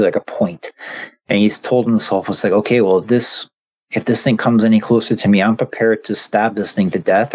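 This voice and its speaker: A man casually retelling a story he heard from someone else, speaking in a halting way with many fillers and restarts. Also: fairly low pitch, breathy edge. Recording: dull lo-fi audio.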